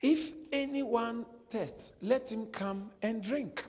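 A man's voice: extremely high pitch, takes it slowly. A man preaching a sermon, asking rhetorical questions and joking with his listeners. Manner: animated, rhetorical questions, laughs at own jokes. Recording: long hall reverb.

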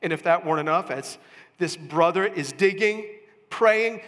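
A man preaching a sermon as a pastor, emphatic, with sudden rises and soft drops. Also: high-pitched, moderate pace, in a large hall.

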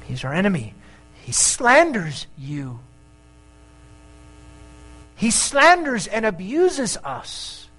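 A male pastor preaching a sermon in an animated way, mixing jokes and asides into his points. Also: high-pitched, slow, long pauses, soft background music, rough recording.

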